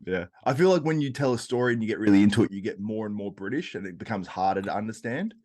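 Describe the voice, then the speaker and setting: A man hosting a podcast, easygoing and quick to laugh, asking long rambling questions. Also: lowish voice, expressive, darkish tone. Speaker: podcast host. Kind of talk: casual chat.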